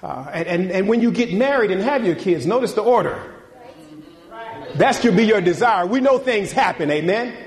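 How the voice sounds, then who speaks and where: A man preaching a sermon, folksy and conversational, swinging between loud, high exhortation and quiet, low talk. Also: animated, normal speed. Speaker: pastor.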